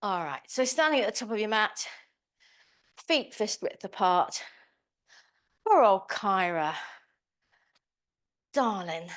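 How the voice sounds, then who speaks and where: A woman's voice: medium pitch, lively intonation, slow pace, long pauses, fairly bright tone. A woman teaching a live online pilates class, cueing moves with chirpy encouragement and chatty asides. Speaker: pilates instructor.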